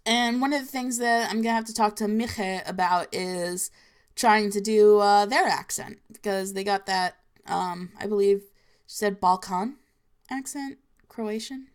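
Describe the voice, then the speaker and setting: A woman's voice: medium pitch, steady tone, moderate pace, clear, resonant tone. A woman with a New Jersey accent hosting a solo podcast, talking casually and rambling with plenty of filler words. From New Jersey, USA. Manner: rambling, filler-heavy, chatty. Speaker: podcast host.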